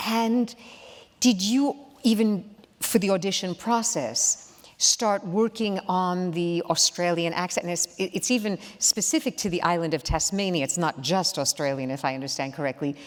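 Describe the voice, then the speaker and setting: A woman's voice: lowish voice, normal speed. A woman interviewing a guest onstage, asking thoughtful questions carefully and with hesitations. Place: large theater hall, live audience. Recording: hall reverb.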